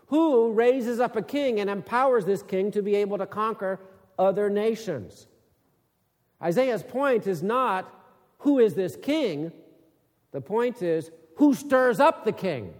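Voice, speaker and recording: A man's voice: sits high, darkish tone, in a large hall. A man teaching from the Bible in sermon style. He reads scripture aloud, then explains it with rising, emphatic questions. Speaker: preacher.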